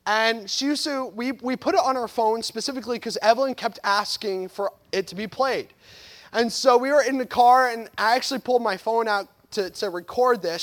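A man in his thirties delivers a sermon from the pulpit. His voice sits remarkably high for a man, and he swings from loud, emphatic lines to soft, reflective ones. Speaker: pastor.

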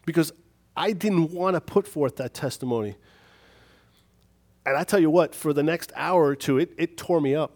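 A man's voice: fairly high pitch, normal speed, pauses often, a little mellow. Man preaching a chatty sermon. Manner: conversational, self-deprecating, chuckles at himself. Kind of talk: sermon with personal story.

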